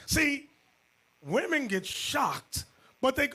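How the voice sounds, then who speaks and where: A man teaching as bishop, telling stories to a class and swinging into loud, shouted points. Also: extremely high pitch, very animated, slow pace, pauses often, slightly rough. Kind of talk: animated class sermon.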